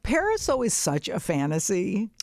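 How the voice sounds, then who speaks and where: A woman's voice: mid-range voice, wildly swooping pitch, moderate pace, vocal fry, a little mellow, dry recording. Brash, profane woman podcast host. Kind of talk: casual advice chat.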